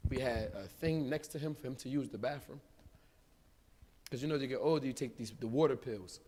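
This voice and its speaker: An American man preaches live in a mosque hall, his medium-pitched voice fairly quick, with a little hiss or hum in the recording. He speaks loosely and informally in a street style full of slang. His volume swings widely, from loud, punchy lines to very quiet, intimate moments.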